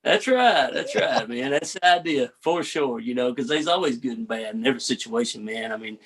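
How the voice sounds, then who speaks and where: A country singer from the United States with a Southern accent chats as a guest in a casual interview, using a laid-back drawl and often calling the host "man." His medium-pitched voice is animated, fairly quick and fairly bright, with a breathy edge.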